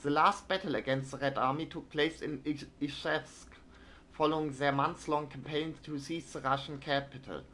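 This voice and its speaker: A man's voice: on the high side, fairly even intonation, moderate pace, sharp tone. A man in the middle of a stream, reading printed game text aloud in a plain voice and then musing about it. His asides wander and stall on fillers and restarts, and his comments come out dry and wry, with a light hiss behind him. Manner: hesitant, filler-heavy asides between readings.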